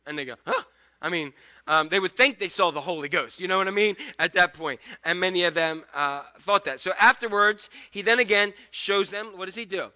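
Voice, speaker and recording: Male pastor, casual animated sermon delivery; high-set, very bright tone. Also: a little fast. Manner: conversational and animated, acting out the scripture scenes.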